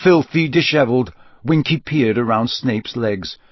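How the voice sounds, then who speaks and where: Guy reading a fantasy book aloud, mid pitch, steady, dry dull sound. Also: unhurried, no room sound. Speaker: narrator. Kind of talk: audiobook narration.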